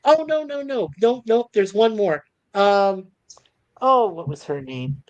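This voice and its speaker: A man's voice: high-pitched, expressive, slow pace, dry recording, dull audio. A man hosting a live stream, chatting casually and reading viewer comments aloud in a rambling, easygoing way, laughing easily.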